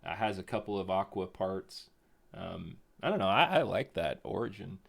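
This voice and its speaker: A man's voice: sits low, lively intonation, normal speed, creaky, a bit bright. A man co-hosting a live stream in casual chat, rambling and correcting himself, often chuckling. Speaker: co-host of a crypto game stream.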